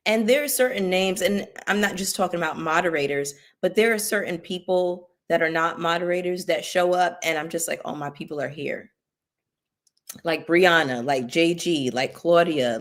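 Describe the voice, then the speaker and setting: A woman hosting a casual livestream, chatting with viewers and thanking them by name, with features. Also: lowish voice. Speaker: YouTube commentary host.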